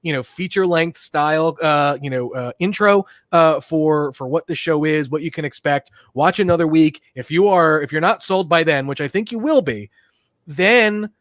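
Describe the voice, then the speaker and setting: A man's voice: a little high, moderate pace, fairly bright tone, dry recording, clean studio sound. A man co-hosting a pop-culture podcast, talking casually and rambling with lots of fillers and restarts. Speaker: podcast co-host.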